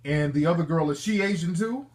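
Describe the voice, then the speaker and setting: A man's voice: a little high, a little fast, a little mellow. Brash joking talk-show host, man. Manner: brash, joking, street slang, lecturing callers. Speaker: show host taking calls. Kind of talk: call-in talk show banter.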